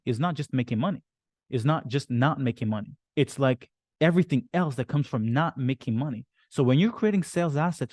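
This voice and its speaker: A man's voice: mid-range voice, darkish tone, dry recording. A man teaching a business course on a group call, rambling and swearing, acting out his clients' inner worries. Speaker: business coach.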